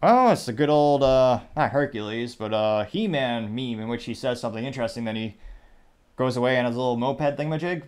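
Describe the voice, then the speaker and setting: A man's voice: mid-range voice, fairly quick, smooth. A man hosting a commentary show, reading social media posts and memes aloud with wry, rambling asides. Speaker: host.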